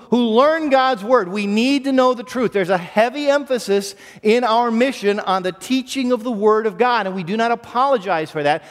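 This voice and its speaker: A man's voice: high voice, big-room sound. A man preaching a sermon as pastor, earnest, often repeating a word as he restarts a phrase.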